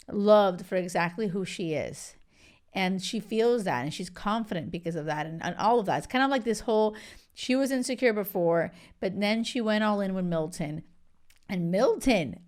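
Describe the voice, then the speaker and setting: A woman vlogger giving an animated, emphatic casual recap, full of filler words. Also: medium pitch.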